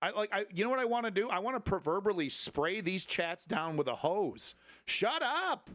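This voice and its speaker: A man hosting a live stream, reacting to clips with sarcastic, profane commentary and now and then breaking into shrill mocking voices. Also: brisk, fairly bright tone, no room sound, clean studio sound. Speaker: livestream host.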